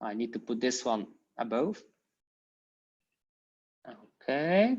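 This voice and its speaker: Male teacher, unhurried and mid-pitched, repeating phrases for a class on a dull lo-fi recording. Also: sing-song, darkish tone. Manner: slow, repeats Dutch phrases for learners, hesitant fillers. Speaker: language teacher. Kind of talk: informal language lesson.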